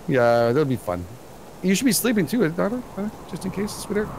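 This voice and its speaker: A middle-aged man chatting through a co-op game stream, his pitch bouncing around as he jokes and teases. A faint hum sits underneath. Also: big pitch swings, normal speed, a little mellow. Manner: jokey, teasing, chatty. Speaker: streamer host. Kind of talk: casual co-op game chat.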